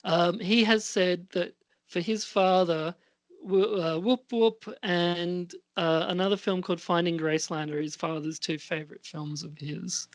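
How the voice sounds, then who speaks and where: Slow, rambling man on a dry mic. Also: high voice, fairly even intonation, dry recording. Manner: rambling, hesitant, many fillers and restarts. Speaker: podcast co-host. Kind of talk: casual film chat.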